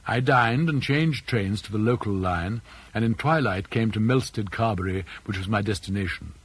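A man reading an audiobook in scripted narration with a measured, precise delivery. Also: lowish voice, slightly rough, no echo, rough recording. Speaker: audiobook reader.

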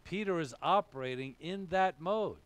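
A man's voice: fairly high pitch, expressive, moderate pace, clear, resonant tone, no echo. A male pastor preaching a sermon, repeating key phrases and chuckling as he goes.

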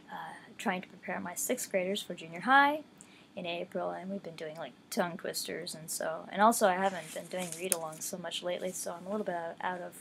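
A woman's voice: mid-range voice, slight background noise. A woman, a schoolteacher, reading Bible verses aloud in a read-along and stopping now and then to explain a word. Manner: reads verses in old-fashioned wording, breaks off to explain words. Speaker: teacher reading scripture aloud.

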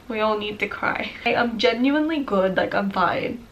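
A woman's voice: mid-range voice, normal speed. A young woman vlogging at home in her kitchen, talking candidly and giggling between thoughts. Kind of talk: casual vlog chat. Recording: echoey room.

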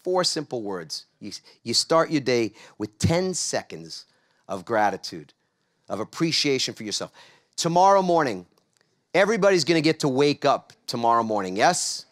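A man's voice: medium pitch, very animated, moderate pace. A middle-aged man from New York gives a motivational talk to a live audience, coaxing them to answer back. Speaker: speaker.

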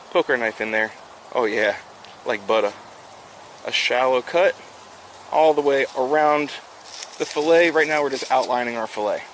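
A man's voice: medium pitch, fairly bright tone, slight background noise. A man hosting a fishing livestream, chatting casually with viewers while he works. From South Florida. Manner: upbeat, chatty, talks to chat while working. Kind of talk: casual live-stream instruction. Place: outdoors.

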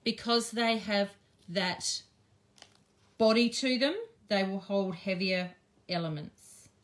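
A woman's voice: medium pitch, slow pace, fairly bright tone. An Australian woman chatting and thinking aloud with frequent ums as she teaches a live craft demonstration. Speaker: craft teacher and shop owner.

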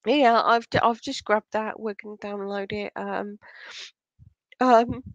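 A woman's voice: mid-range voice, fairly even intonation, slow pace, dry recording, muffled recording. A woman vlogger ranting casually, agitated and shaken, swearing heavily and stumbling over restarts. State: angry and shaken. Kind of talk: casual unscripted vlog rant.

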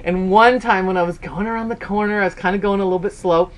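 A sewing vlogger in her fifties tells stories in casual chat, quick-paced and steady in tone. She says "okay" a lot and acts out quoted lines with big jumps up in pitch.

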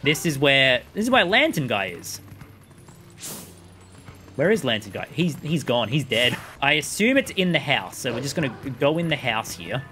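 A man hosting a gameplay video, talking in an excitable, rambling way. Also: mid-range voice, normal speed. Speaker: let's play host. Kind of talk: gameplay commentary. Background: game music.

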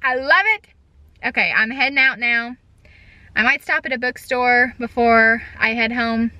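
A young woman, chatting excitedly in a casual vlog, says "like" a lot. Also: on the high side, measured pace, no echo, highs cut off. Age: young adult. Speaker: vlogger. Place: in and around a car, partly outdoors in wind.

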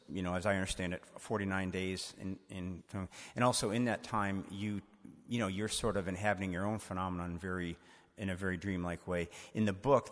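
A male author answering audience questions at a book event in a church, thoughtful and wry, often poking fun at himself. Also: low-pitched. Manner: thoughtful, wry, self-deprecating. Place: church used as event hall. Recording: echoey hall reverb.

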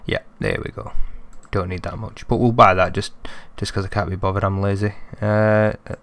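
A young man giving chatty let's-play commentary, thinking aloud and getting excitable. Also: lowish voice, moderate pace, vocal fry. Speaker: gaming commentator.

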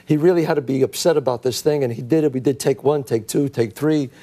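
A middle-aged man, a talk show guest telling animated stories and acting out quotes. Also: medium pitch, fast talker. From New York (the Bronx). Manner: animated storyteller, acts out quotes. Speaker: guest actor.

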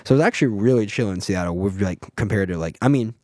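A young man co-hosting a podcast, telling stories in a loud, profane rant and often swearing. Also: lowish voice, fast, no room sound, clean studio sound. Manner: profane, ranting, lively storyteller. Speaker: podcast co-host. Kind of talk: casual chat.

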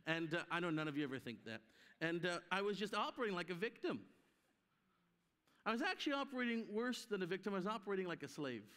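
With a high, fast voice, a man from Canada animatedly tells stories during a church-conference sermon, taking on the voices of those he quotes. An echoey hall reverb colors the sound.

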